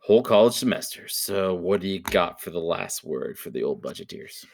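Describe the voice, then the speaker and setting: A man's voice: low voice, expressive, normal speed, gravelly. A man hosting a casual sports chat podcast, laid-back and joking. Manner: laid-back, joking, calls cohost baby. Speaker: podcast host.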